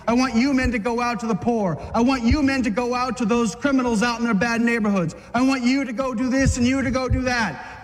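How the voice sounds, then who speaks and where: A man preaching an impassioned sermon to a group of men, exhorting them and rising to shouts. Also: sits high, big-room sound. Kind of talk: fiery sermon.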